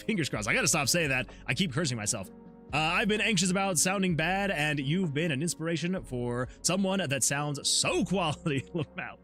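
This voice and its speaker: A solo game developer chats casually on his livestream, laughing often and reading chat messages aloud into a USB desktop mic. His voice is fairly high and fairly bright, animated at a normal speed, with faint music playing behind him.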